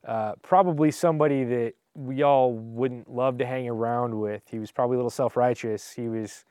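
A man's voice: medium pitch, fairly even intonation, moderate pace, mellow, clear, resonant tone, dry recording. A pastor preaching a conversational sermon, speaking earnestly and informally, addressing his listeners directly with frequent restarts and rhetorical asides.

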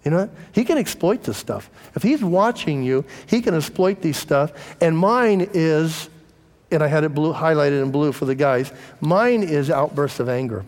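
A man's voice: a little high, lively intonation, normal speed, a little mellow, long reverb tail. A middle-aged man and pastor, preaching a conversational sermon and telling candid personal stories to his congregation. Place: church.

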